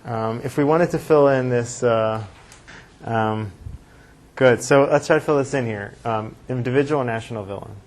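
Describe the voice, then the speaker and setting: A rabbi teaching a classroom lecture, thinking aloud and reading verses aloud with emphasis, with class discussion. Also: male voice, mid-range voice, normal speed.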